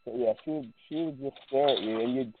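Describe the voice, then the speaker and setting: A man's voice: medium pitch, quick pace, a little hiss or hum. Easygoing man guest on a phone line. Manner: easygoing, storytelling, hesitant restarts. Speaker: guest, fitness pro. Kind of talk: casual chat. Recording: phone-line quality, dry.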